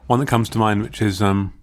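Co-hosting a podcast over a video call, a man tells a story in a rambling, giggly way, restarting many times during casual comedic chat. His voice is on the low side, with a little hiss or hum.

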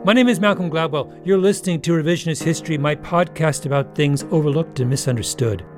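A man's voice: on the high side, quick pace, music in the background. A man hosting a podcast in wry, emphatic scripted narration. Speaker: podcast host.

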